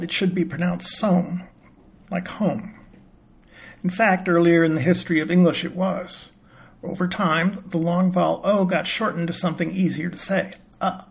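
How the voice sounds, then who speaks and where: A man calmly explaining a word's spelling and pronunciation in a patient, plain-spoken teaching manner. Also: high voice, normal speed, vocal fry, breathy edge. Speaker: reading teacher. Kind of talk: explanatory lesson.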